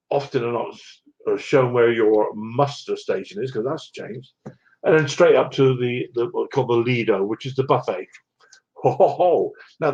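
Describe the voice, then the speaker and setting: A man's voice: medium pitch, darkish tone, muffled recording. An older man from England telling a rambling travel story in a wry, self-mocking way. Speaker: vlogger. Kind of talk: casual storytelling.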